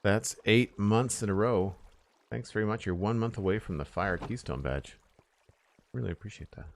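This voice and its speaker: Casual and chatty, this man talks to his stream chat while working in a building game. His voice is on the low side at a moderate pace, and there's a little hiss or hum.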